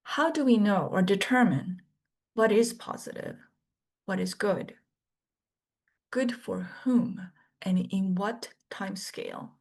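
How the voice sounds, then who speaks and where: A woman course instructor giving a scripted orientation lecture in a measured, deliberate way, pausing between the items of each list. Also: mid-range voice, expressive, gravelly, a little mellow.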